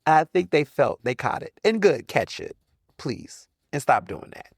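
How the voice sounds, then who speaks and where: Animated, chatty male podcast host. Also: mid-range voice, breathy edge, no echo, clean studio sound. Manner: animated, chatty, slangy, quick asides. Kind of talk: casual solo podcast monologue.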